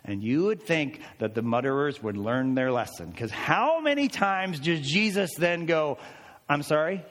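A man preaching a sermon, his voice pitched a little high for a man. He drives his points home with emphatic rhetorical questions. The sound rings with the long reverb of a hall. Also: animated, unhurried, hardly any pauses, a bit bright.

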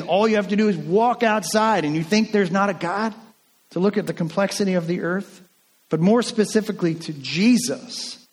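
A young man gives a sermon in a loose, conversational way and slips into lively voices for the people he quotes. His voice sits a little high for a man. The sound carries a long hall reverb. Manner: conversational and animated, acting out quotes. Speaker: pastor.

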